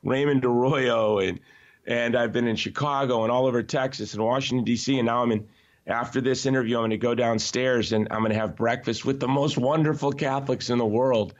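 Man, podcast guest, emphatic and animated, mid-range voice, slightly dull lo-fi audio. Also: mid-range voice, a little fast. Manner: emphatic, animated storyteller who often restarts sentences. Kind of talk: conversational podcast interview.

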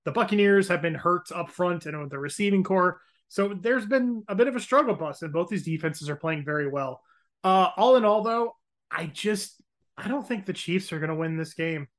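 A man co-hosting a casual sports-betting chat who hedges and stumbles over his openings while he thinks out loud. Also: sits high, normal speed. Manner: hedging, stammers at starts, thinks aloud. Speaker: podcast co-host.

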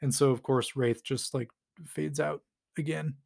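A man's voice: medium pitch, steady tone, a little slow, gravelly, darkish tone. A man recapping a comic story in casual chat, rambling with lots of fillers and frequent chuckles. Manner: rambling and amused, chuckles often, heavy use of fillers. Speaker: podcast host recapping a comic.

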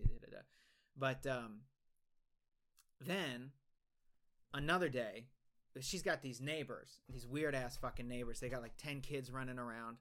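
Telling a long story on the podcast he co-hosts, a young man rambles casually, swearing a lot and restarting often. He has a mid-range, slightly bright voice, moves at normal speed, and leaves long pauses.

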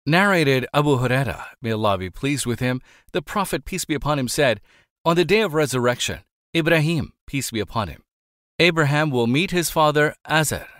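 A man's voice: fairly high pitch, expressive, fairly bright tone, no room sound. Man reading religious text aloud, dry. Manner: measured, formal recitation with reverent drops on honorifics. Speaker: audiobook reader.

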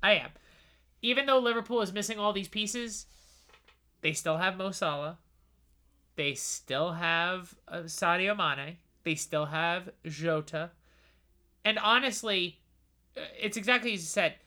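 A podcast co-host chatting about football, loud and emphatic, quick to tease the other host. The voice is bright and edgy at an ordinary pitch. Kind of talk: casual football chat.

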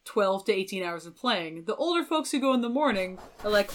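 A chatty young woman with a fairly high voice talks as a guest on a podcast. She tells stories with lots of filler words and animated energy. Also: normal speed, few pauses. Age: young adult. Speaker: violinist guest. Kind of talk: casual interview chat.

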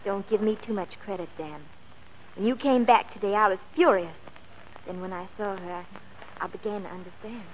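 An actress playing a warm-hearted young woman in a stage troupe, earnest and candid, in 1940s film acting. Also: medium pitch, a little fast, a little hiss or hum, natural voice. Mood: tender. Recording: tinny old film soundtrack.

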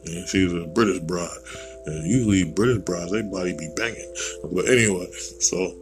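A man's voice: sits low, moderate pace, faint music behind, poor audio. An American man hosting a podcast, rambling through a blunt, digressive opinion monologue with casual swearing. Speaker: podcast host.

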